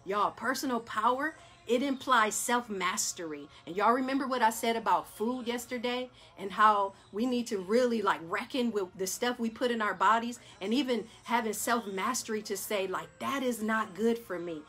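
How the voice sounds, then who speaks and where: A wellness host leads an animated chakra meditation, chatty and excitable, calling her listeners y'all, asking them questions, and repeating "right?". Her voice is on the high side and husky, with faint music behind; she gets hyped, then slows and softens for breathing.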